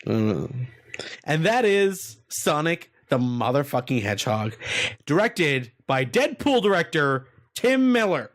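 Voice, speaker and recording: A man hosting a casual podcast, swearing freely and riffing in an animated, jokey way. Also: a little high, a little slow. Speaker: podcast host.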